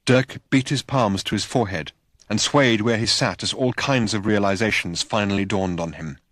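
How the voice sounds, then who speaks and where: Low-voiced man reading an audiobook. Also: normal speed, a bit bright, no echo. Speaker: audiobook narrator. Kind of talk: audiobook narration.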